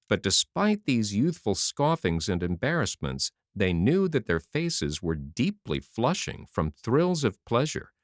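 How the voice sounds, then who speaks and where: A man narrating a classic novel as an audiobook in a dramatic, expressive reading. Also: on the low side, a little slow, hardly any pauses, no room sound, studio quality.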